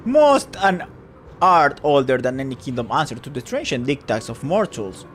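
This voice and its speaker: A man's voice: mid-range voice, very animated, moderate pace, a bit bright, soft background music. A man voicing an old woman fortune teller who talks in a grand, flowery, scheming way. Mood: theatrical.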